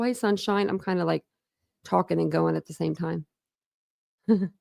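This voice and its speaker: A woman's voice: mid-range voice, gravelly, no room sound. Woman, livestream host, casual rambling chat, laughs often, mid-range voice, dry close sound. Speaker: true crime livestream host.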